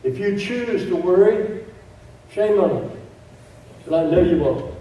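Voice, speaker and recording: A man's voice: sits high, animated, a little slow, warm tone, muffled recording. A man preaching a sermon, emphatic, repeating key phrases with joking asides. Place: church sanctuary. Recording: echoey church room, distant mic.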